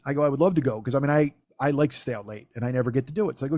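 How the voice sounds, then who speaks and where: A man's voice: mid-range voice, very fast, few pauses, dry recording. A middle-aged man hosting a comedy podcast, telling a story in casual chat, swearing freely and acting out both sides of the dialogue. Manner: profane, animated, acts out quoted dialogue.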